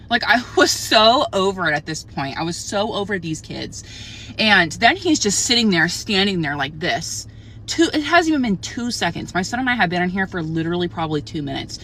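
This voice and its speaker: Chatty young mom venting, lots of "like". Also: female voice, medium pitch, very animated, brisk, a bit bright, a little hiss or hum. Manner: chatty, many "like" fillers, exasperated. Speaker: mother of a toddler. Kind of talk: casual storytime rant to camera.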